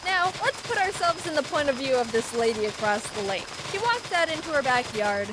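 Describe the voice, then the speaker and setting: Brief: woman with a higher voice, deadpan storyteller over gameplay, noisy background. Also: brisk, hardly any pauses. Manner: deadpan, sarcastic asides.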